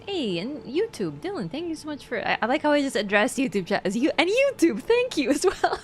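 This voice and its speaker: A woman's voice: sits high, big pitch swings, fairly quick, soft background music. A woman streaming a game, chatting casually with her viewers and laughing often. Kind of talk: casual live-stream chat.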